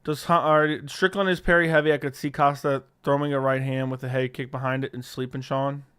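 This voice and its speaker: A man runs a live stream, his medium-pitched voice level, brisk, a bit bright, clear, and resonant. He casually reads viewers' questions aloud and answers offhand, swearing freely into a studio dynamic microphone.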